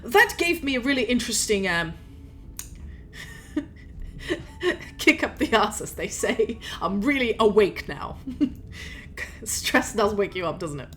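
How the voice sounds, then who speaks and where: Lively swearing woman streamer. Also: medium pitch, slow, pauses often, slight background noise. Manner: rambling, exasperated, swears freely. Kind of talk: casual gaming stream chat. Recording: game music in background.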